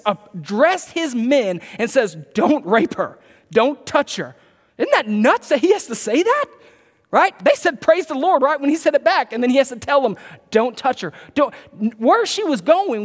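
A man preaching a sermon, emphatic, repeating his key points and slowing down to read scripture aloud. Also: very high voice, very animated. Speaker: pastor. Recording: long hall reverb.

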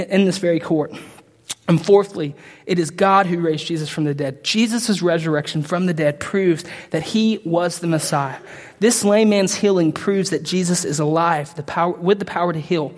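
A man preaching a sermon as pastor, talking casually to his congregation and building to loud, emphatic peaks. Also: high-pitched. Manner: conversational asides to the congregation. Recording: long reverb of a large hall.

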